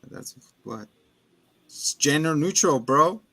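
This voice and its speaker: A man hosting a casual movie review chat, retelling scenes with animated energy. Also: fairly high pitch, slow. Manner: animated storyteller, acts out scenes in voices. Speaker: podcast host.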